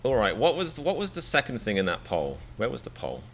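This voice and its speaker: A man's voice: medium pitch, huge pitch swings, fairly quick, background noise. An English man in his thirties, chatting casually to a live-stream audience in a rambling, self-deprecating, mock-exasperated way. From England. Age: 30s.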